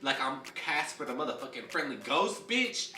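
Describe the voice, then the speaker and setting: A man's voice: mid-range voice, big pitch swings, moderate pace, sharp tone. A young man telling a personal story in a casual storytime, sassy and dramatic, swearing freely. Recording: roomy, from a distance, faint music.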